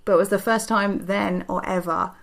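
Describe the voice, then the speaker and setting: Young woman, earnest, sweary podcast co-host; mid-pitched, animated storyteller. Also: normal speed, gravelly. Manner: heavy swearing, emotional and earnest; animated, tumbling restarts.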